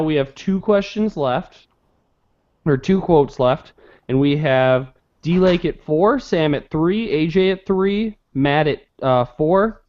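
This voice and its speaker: A man hosting a casual online game show, with a slightly raised voice. He teases the players and tallies the points as he goes. The audio is muffled, like a lo-fi web call. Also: a little high. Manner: joking, running the scores.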